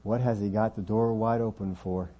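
A man preaching a sermon as pastor of a church, earnest, often dropping his voice quiet to make a point. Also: lowish voice, fairly even intonation, normal speed, highs cut off.

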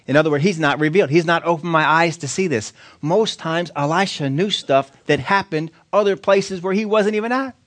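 Pastor, male, animated sermon delivery, acts out quotes in shifting voices. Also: a little high, a little fast, few pauses. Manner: animated preaching, acting out quotes in changing voices.

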